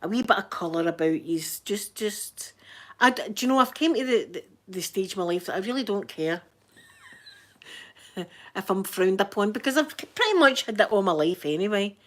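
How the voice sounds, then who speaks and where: Woman, thick Scottish accent, casual live chat, laughs often, mid-pitched voice. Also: expressive, moderate pace. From Scotland. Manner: chatty, laughs often, reads out viewer names. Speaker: livestreaming YouTuber.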